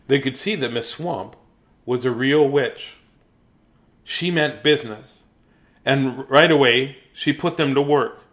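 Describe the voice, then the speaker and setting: A man's voice: mid-range voice, unhurried, pauses often, fairly bright tone. A man in his fifties reading a children's book aloud live, chatting and joking between pages. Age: 50s. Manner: chatty, jokey, digressive. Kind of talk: casual live read-aloud.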